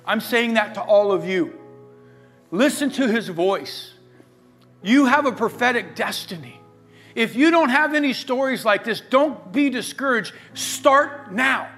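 Brief: middle-aged male pastor, high and bright, animated storytelling sermon, soft guitar playing underneath. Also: a little slow. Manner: animated storyteller, acts out quoted voices. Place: church sanctuary. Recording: faint guitar music behind.

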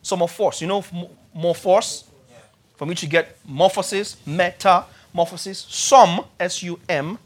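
A man's voice: sits high, unhurried. Emphatic preacher man. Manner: emphatic, repeats key words, spells out Greek terms. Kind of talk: sermon.

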